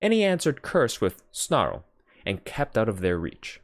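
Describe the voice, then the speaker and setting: A man reading a classic novel aloud as an audiobook narrator, in a measured, expressive way. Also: lowish voice, no echo, clean studio sound. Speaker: audiobook reader. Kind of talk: unhurried literary narration.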